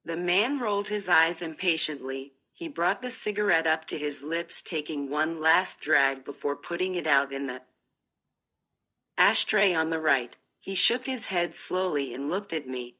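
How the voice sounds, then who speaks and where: A woman narrating a first-person audiobook in a measured, even reading. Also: deep voice.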